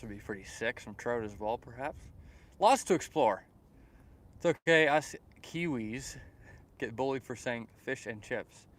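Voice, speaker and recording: Out by the water at sunrise, a young Canadian fishing livestreamer with a medium-pitched voice and a Canadian accent chats casually with his audience. He reads their messages aloud and replies in a relaxed way, using lots of fillers.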